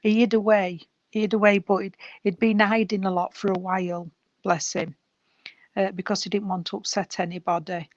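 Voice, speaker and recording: A woman delivers a spiritualist message with gentle care. Her pitch stays flat and even. The recording sounds dull and muffled. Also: normal speed, no echo. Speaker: medium. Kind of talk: spiritualist mediumship reading.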